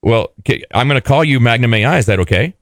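A man's voice: mid-range voice, animated, fast, no room sound. A man hosting a radio show from the studio, joking and teasing in banter. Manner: teasing, wisecracking.

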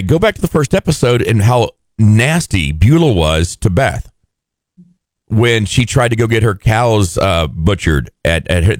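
Animated man ranting about a TV show. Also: no echo. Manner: animated, exasperated, mocks characters in high put-on voices. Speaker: podcast co-host. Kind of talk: casual TV recap chat.

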